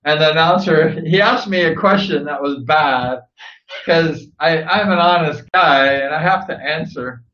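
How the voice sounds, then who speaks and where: A man from Southern California who hosts, telling animated stories casually to camera, laughing often and acting out old conversations. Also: a little high, measured pace, echoey room, lo-fi sound. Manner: animated, laughs often, acts out past dialogue. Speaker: host, former motorcycle racer.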